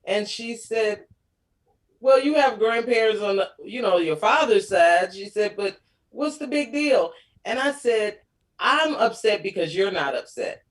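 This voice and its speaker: A woman's voice: mid-range voice, expressive, unhurried. A woman in her forties, a guest on a talk show, telling family stories in casual chat, laughing often and acting out quotes.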